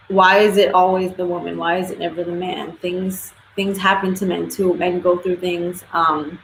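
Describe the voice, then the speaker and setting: Woman live-stream host, blunt and outspoken with casual swearing, recorded in a roomy echo with a faint hum behind. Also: lowish voice. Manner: blunt, opinionated, swears freely. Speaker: livestream host. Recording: echoey room with faint ambience.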